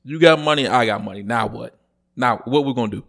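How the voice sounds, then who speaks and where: Guy going off on a podcast, casual chat that builds to a loud rant. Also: mid-range voice, a little fast, creaky. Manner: animated, rises to loud ranting when worked up. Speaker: podcast co-host.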